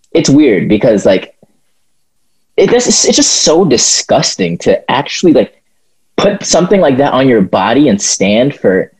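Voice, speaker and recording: A young man co-hosting a casual podcast, his voice swinging widely in pitch as he gets worked up. The tone is slightly husky, and he swears freely and trips over restarts while ranting. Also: rough recording. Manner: animated, swearing, stumbling restarts, laughs often. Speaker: podcast co-host. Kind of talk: casual chat.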